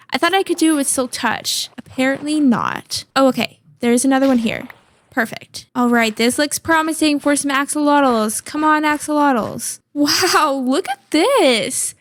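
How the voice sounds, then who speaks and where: A woman hosting a gaming video, chatting casually and thinking aloud as she plays. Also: sits high. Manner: chatty, thinks aloud, squeals excitedly at cute finds. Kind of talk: casual gameplay commentary.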